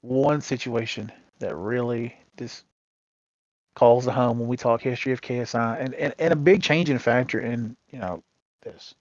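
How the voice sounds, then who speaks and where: A man of middle pitch tells stories from his gaming community in a loose, rambling way, circling back with lots of fillers. The recording is dull and lo-fi with a very dry, close sound. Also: moderate pace, darkish tone, no echo. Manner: rambling anecdotes with many fillers and restarts. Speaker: interview guest, gaming community leader. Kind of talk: casual storytelling interview.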